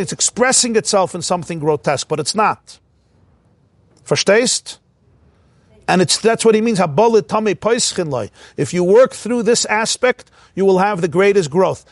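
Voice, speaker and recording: A man with a high voice teaches a religious lesson in a lively, animated way, slipping into the voices he quotes. The sound is dry and close, with no room around it. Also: no room sound. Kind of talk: spoken Torah lesson.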